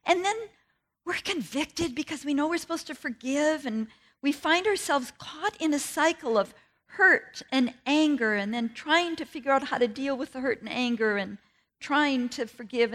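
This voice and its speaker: At normal speed, a woman shares a story from her own family while preaching; her sermon is earnest and personal, with lively swings in pitch.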